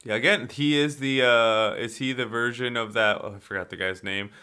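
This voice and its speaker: Bright-voiced male podcast co-host, rambling. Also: mid-range voice, fairly even intonation, normal speed, clear, resonant tone. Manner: rambling, many fillers and restarts, asks questions. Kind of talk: casual movie discussion.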